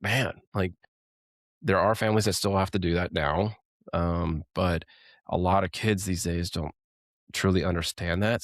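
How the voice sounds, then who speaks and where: A man's voice: low voice, dry recording, clean studio sound. A man co-hosting a podcast in casual, reflective chat that rambles a little and often breaks into laughter. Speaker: podcast co-host.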